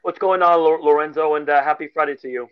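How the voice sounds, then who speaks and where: A man with a fairly high voice co-hosts a casual sports podcast. He talks haltingly and with emotion, stumbling and restarting his words. The recording sounds dull and lo-fi. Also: fairly even intonation, clear, resonant tone. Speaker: podcast co-host.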